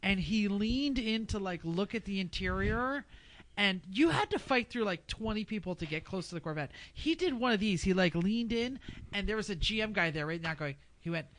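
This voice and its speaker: A man co-hosting a casual podcast, telling animated stories and acting out other people's lines. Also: high-pitched, normal speed, dry recording. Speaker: podcast co-host.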